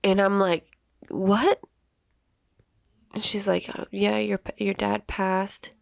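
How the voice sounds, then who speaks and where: Emotional woman with a gravelly voice. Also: mid-range voice, flat delivery, dry recording, clean studio sound. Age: 30s. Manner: emotional, halting, many restarts. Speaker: podcast host. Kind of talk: personal storytelling.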